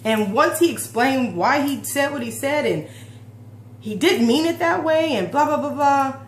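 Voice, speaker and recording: A woman's voice: high-pitched, expressive, unhurried. Heartfelt woman in her forties, roomy echo. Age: 40s. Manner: heartfelt, emotional, rambling with restarts. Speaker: fitness vlogger. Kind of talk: personal confessional vlog talk. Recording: roomy echo with faint hum.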